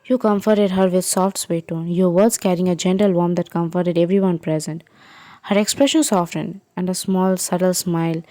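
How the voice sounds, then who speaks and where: A woman narrating a second-person fan fiction story in an even, unhurried way. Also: on the low side, dry recording.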